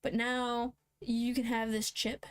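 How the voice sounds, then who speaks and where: A woman putting on a high, sing-song voice to mock a condescending official handing out small favors. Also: level tone, slow pace, smooth.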